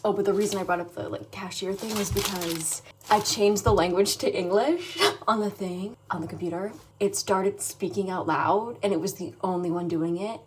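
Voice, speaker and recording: A young American woman in her twenties, studying abroad, chats casually to camera in a mid-range voice at a moderate pace with few pauses. Her vlog talk is packed with "like" fillers and laughter, recorded on noisy handheld audio around her apartment and the streets.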